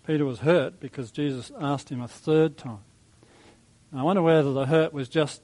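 Pastor with a higher male voice. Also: steady tone, moderate pace, poor audio. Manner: conversational, reflective, with soft chuckles and fillers. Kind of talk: sermon.

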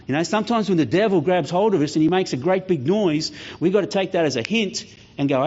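A man's voice: fairly high pitch, fast, slight background noise. A man preaching a sermon, telling stories and acting out voices along the way. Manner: storytelling preacher, acts out voices, lively. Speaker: pastor. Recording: slightly dull lo-fi sound.

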